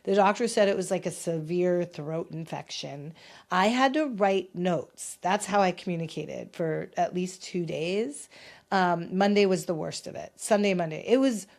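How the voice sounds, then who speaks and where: A woman in her fifties hosting a casual solo podcast, chatty and talkative, her voice still slightly hoarse as she recovers from losing it. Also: lowish voice, unhurried, darkish tone. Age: 50s. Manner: chatty and talkative, self-described talker. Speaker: podcast host.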